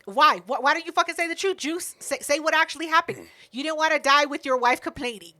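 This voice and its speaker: A woman's voice: sits high, fast talker, bright, forceful tone. A woman co-hosting a podcast, telling a family story in casual, profane chat. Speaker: podcast co-host.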